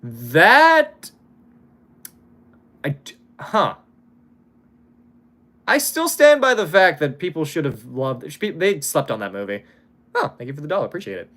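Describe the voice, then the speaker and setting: A young man from Hawaii talks to his live-stream chat, thanking donors and answering questions in a loose, chatty way. His voice sits a bit high and moves around a lot, with a casual curse dropped here and there. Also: unhurried, pauses often. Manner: chatty, lively, swears casually.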